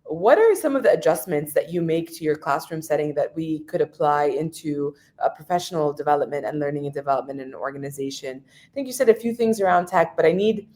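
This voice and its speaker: A woman with a fairly low voice hosts a conversational interview. She talks in a chatty, eager way, with plenty of fillers and restarts as she builds up her questions. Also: animated, brisk, a little mellow. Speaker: host interviewer.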